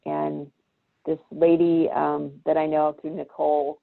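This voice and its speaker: A woman guest with a voice that sits low, touched with vocal fry, speaks at a measured pace while telling stories in a casual chat. She animatedly acts out quoted voices, heard via tinny, phone-like video-call audio.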